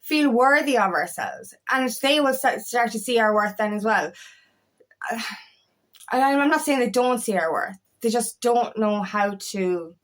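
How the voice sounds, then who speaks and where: A woman's voice: medium pitch, a bit bright. Frank swearing woman coach. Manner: frank, swears freely, repeats herself. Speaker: feminine empowerment coach. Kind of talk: casual motivational monologue.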